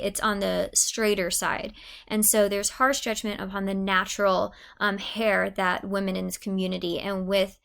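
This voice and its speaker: A woman's voice: mid-range voice, gravelly, a bit bright. A woman teacher reading a novel aloud and explaining it, posing questions to her students. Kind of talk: literature lesson with read-aloud.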